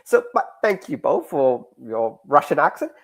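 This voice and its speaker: A man's voice: on the high side, normal speed, slightly rough. Chatty man explaining his craft. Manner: animated, restarts mid-sentence. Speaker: guest comics creator. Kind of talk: casual interview chat.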